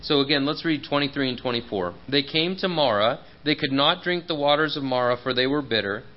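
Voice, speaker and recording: A man's voice: mid-range voice, fairly quick, muffled recording. A man preaching a sermon in an earnest, personal way, with frequent fillers and repeated words.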